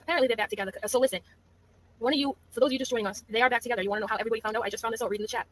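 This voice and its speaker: A woman's voice: on the high side, fairly even intonation, racing, fairly bright tone. A woman hosting a gossip livestream, talking casually and mockingly with laughs. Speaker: livestream host.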